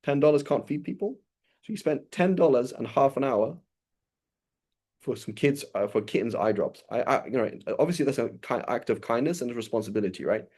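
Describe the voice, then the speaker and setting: A man's voice: mid-range voice, animated, a little fast, a little mellow, husky. A man giving an informal religious lesson, talking loosely and often checking in with his listeners. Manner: conversational, often checks in with "right?"; recites Arabic passages fluently. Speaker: religious teacher.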